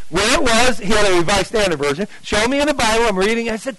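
Animated high-voiced man telling a story. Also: fast talker, hardly any pauses, rough recording. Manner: animated, acts out dialogue with pitch swings; conversational, with fillers and restarts. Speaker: speaker giving a testimony to an audience. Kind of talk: storytelling testimony.

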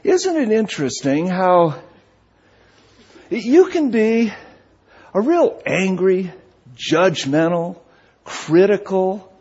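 A man preaching a sermon, telling a humorous story with animated delivery, on a dull lo-fi recording. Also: sits high, slow pace, long pauses, breathy edge.

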